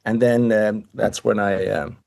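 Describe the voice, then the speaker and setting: A man in his fifties from Denmark with a Danish accent, telling stories as a podcast guest in a lively way, often restarting and repeating words. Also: on the low side, a little slow, gravelly. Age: 50s. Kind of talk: casual anecdotal storytelling.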